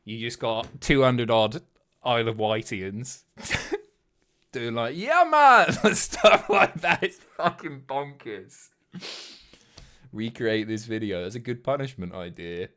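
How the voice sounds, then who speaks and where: A man's voice: medium pitch, slow, smooth. A man streaming, casually commenting on TV clips with a lot of swearing.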